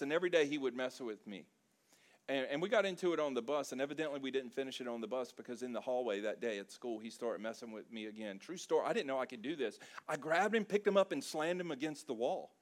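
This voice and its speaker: A middle-aged man from South Louisiana, preaching a sermon and telling stories with humor and lots of feeling. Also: medium pitch. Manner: animated, emotional storytelling with humor. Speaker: pastor.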